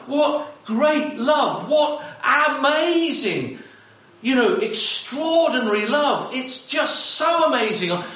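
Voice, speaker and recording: A man's voice: sits high, a bit bright. A man preaching a sermon to his congregation, exclamatory and addressing them directly. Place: church hall. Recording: echoey hall from far off.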